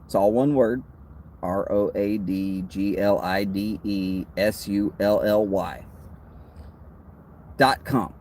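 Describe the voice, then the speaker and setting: Relaxed Texan man chatting on a livestream. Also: fairly low pitch, slow pace, long pauses, slight background noise. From Texas. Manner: relaxed and rambling, friendly asides. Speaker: host of a pipe-smoking livestream. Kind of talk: casual livestream chat.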